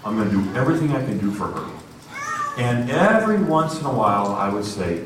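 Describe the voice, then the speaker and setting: A male preacher tells his story with a wide, lively swing of pitch, his voice otherwise middle in height. He is caught from a distance in a big hall that rings with echo, with steady noise underneath. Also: fast. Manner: animated, conversational storytelling. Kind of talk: storytelling sermon. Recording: echoey hall from far off, noisy.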